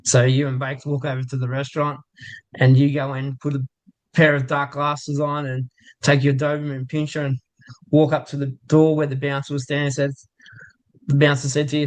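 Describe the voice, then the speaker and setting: A man co-hosting a local football show, chatty and relaxed, spinning drawn-out jokes and banter. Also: medium pitch. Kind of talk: casual banter and joke telling.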